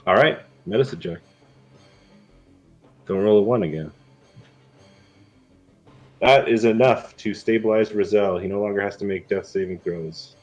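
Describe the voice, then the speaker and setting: Guy running a d&d game, kinda low voice, muffled lo-fi sound, faint music under it. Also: unhurried, pauses often. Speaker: game master. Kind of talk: narrating a tabletop game.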